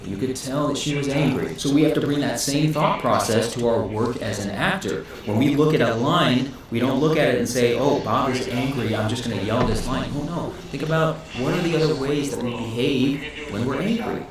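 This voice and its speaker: A man teaching acting in an instructional video, calm and explanatory, asking rhetorical questions. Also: medium pitch, brisk, few pauses. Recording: echoey room with crowd noise behind.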